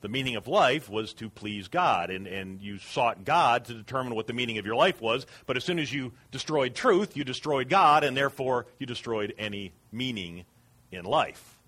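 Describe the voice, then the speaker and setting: A man's voice: mid-range voice, lively intonation, moderate pace, fairly bright tone, husky. A man preaching a sermon as pastor, earnest and emphatic.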